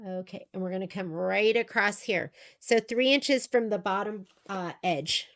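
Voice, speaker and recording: In this quilting tutorial, a woman with a medium-pitched, slightly bright voice speaks in an unhurried way. She narrates every step as she works, chatty and thinking aloud.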